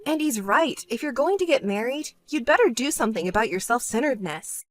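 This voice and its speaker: A woman voicing a level-headed young woman who speaks in a cool, dry and curt way in an animated story. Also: on the high side, a little fast, faint music behind, close to an everyday voice. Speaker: narrating protagonist.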